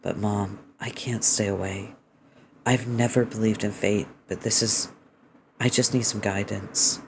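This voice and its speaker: A man voicing a sniffling young neighbor who talks softly and hesitantly to their mother on the phone. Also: lowish voice, steady tone, a little slow, slight background noise. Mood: tearful, hushed. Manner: soft, hushed, hesitant. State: sniffling after crying.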